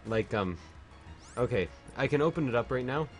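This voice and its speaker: A man streaming a game while a bit drunk, chatting in a silly, rambling way and jumping into high joking voices. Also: animated, normal speed, soft background music. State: tipsy. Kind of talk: casual livestream chat.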